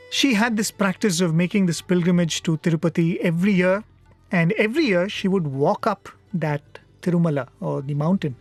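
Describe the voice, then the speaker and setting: A man from India tells a devotional story at a spiritual gathering, slow and reflective, pausing often. His voice sits a little high for a man, and the sound is dry and close. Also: dry recording. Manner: unhurried, reflective, with frequent pauses. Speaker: satsang speaker.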